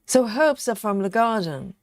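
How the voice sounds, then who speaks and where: A woman's voice: medium pitch, expressive, moderate pace, dry recording. A woman hosting a craft livestream, chatting casually while she reads viewers' comments aloud, often laughing and repeating words as she thinks. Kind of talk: casual chat reading live comments.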